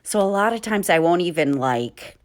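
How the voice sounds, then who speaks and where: A woman's voice: fairly low pitch, animated, moderate pace. A woman vlogger and mom, telling stories in a casual, chatty way while doing chores in her home kitchen, often laughing mid-sentence.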